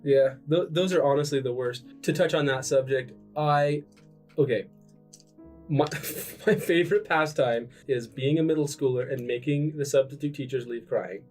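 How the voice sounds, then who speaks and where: A young man in casual comedic podcast chat, rambling with restarts and acting out quoted people in high voices. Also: normal speed, darkish tone, recorded from a distance, soft background music. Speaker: podcast co-host.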